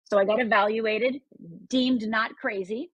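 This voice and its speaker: A woman's voice: on the high side, steady tone, unhurried, husky, no room sound, dull audio. An older woman from Upper Michigan, a guest telling a personal story in an earnest, emphatic way. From Upper Michigan, United States.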